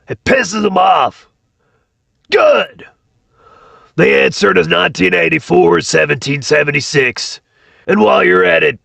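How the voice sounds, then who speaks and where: A man impersonating a bombastic male conspiracy radio host who yells and sells supplements. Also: high-pitched, vocal fry, husky, no room sound, voice pushed down, heavily acted.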